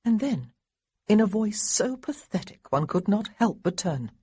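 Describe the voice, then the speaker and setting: A woman narrating a historical romance audiobook in an expressive way, lightly voicing the characters. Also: mid-range voice, unhurried, breathy edge, no echo, studio quality. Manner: expressive, voices the boys lightly. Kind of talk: scripted narration.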